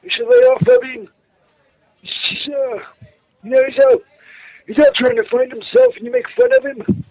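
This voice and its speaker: A man voicing a rambling, tipsy Saint Patrick in a halting, slurred voicemail. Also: extremely high pitch, sing-song, vocal fry, lo-fi sound, exaggerated voice.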